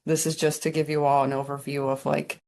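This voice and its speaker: A woman with a foreign accent in English hosts a group mentorship call, her voice sitting low. She talks informally and loosely, checking in with the group by asking "right?" and leaning on "like" as she goes. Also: flat delivery, a little fast, vocal fry, darkish tone. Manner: informal, many "like" and "right?" fillers. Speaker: program host. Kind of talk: casual group talk. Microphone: video call.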